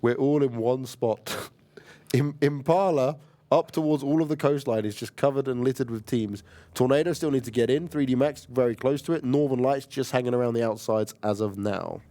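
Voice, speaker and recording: An energetic man calls esports play-by-play, his voice sitting in a middle register. He jokes along and voices the players' thoughts as the action unfolds. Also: mid-range voice, normal speed. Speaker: esports caster. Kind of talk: play-by-play commentary.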